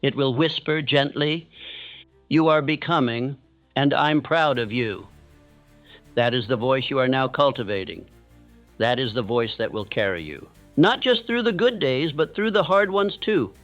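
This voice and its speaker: A man giving a scripted motivational speech, leading listeners through affirmations in a measured, earnest way. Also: medium pitch, animated, a bit bright, no room sound. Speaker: motivational speaker. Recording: dull lo-fi sound with faint music.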